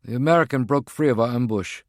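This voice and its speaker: A tense male henchman on a secure line, as a man puts him on, his voice pitched higher and pushed louder than the narration. He reports in urgent, clipped bursts. The recording is dry and close. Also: quick pace, no echo, natural voice.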